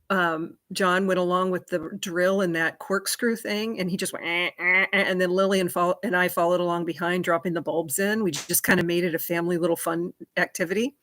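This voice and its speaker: Chatty livestream host, woman, lowish voice, rambling asides to viewers. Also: a bit bright. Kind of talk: casual chat, answering viewer comments.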